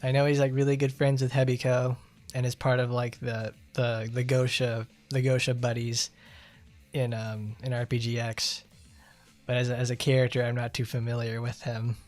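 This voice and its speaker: A man's voice: medium pitch, completely flat delivery, moderate pace, a little mellow, soft background music. Rambling male game streamer. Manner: rambling, chatty, laughs often. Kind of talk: casual gameplay commentary.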